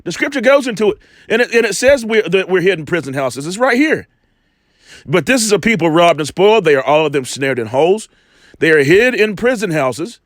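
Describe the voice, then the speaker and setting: A man's voice: high-pitched, sing-song, fairly quick, no echo, clean studio sound. A man with a cold, casually teaching scripture, rambling with many restarts and rhetorical questions. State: has a cold, coughing. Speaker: religious teacher.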